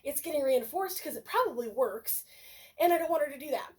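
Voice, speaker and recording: High-voiced woman dog trainer. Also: animated, a little fast. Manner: chatty, explains while praising the dog in a high sing-song voice. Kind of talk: casual training demonstration.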